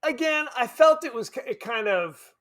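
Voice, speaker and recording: A man co-hosting a podcast, chatting casually about a film in an animated, joking, self-deprecating way. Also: very high-pitched, normal speed. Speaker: podcast co-host. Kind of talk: casual film review chat.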